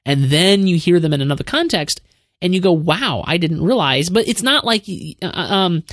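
A Midwestern American podcast host chats casually about movies, with lots of restarts and repeated words. His high-pitched voice is very animated and fairly bright at a normal speed, with clean studio sound and no room sound.

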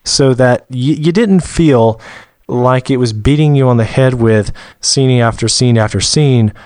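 Measured, word-searching man from Georgia. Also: mid-range voice, darkish tone, no room sound, studio quality. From Georgia, USA. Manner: measured, searches for words with fillers. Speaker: podcast co-host. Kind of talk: casual movie review discussion.

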